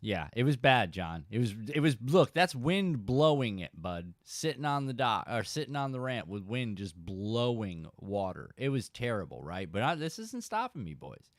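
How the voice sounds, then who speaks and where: A man hosting a casual fishing livestream, telling a story with animated emphasis and chatting to viewers. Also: medium pitch, normal speed, hardly any pauses, no room sound, studio quality. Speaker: fishing channel host.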